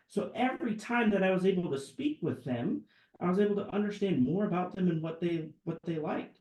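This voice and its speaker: A man's voice: high voice, animated, a little fast, mellow, reverberant, poor audio. A man co-hosting a sales webinar from an office room, earnest and enthusiastic as he tells stories about customers. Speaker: sales lead and webinar co-host. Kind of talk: casual webinar chat.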